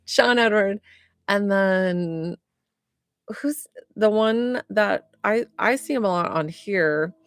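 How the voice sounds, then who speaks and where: A woman's voice: mid-range voice, animated, very slow, pauses often, dry recording, clean studio sound. A young woman from upstate New York, a medium chatting casually on a live stream, rambling and answering viewer comments.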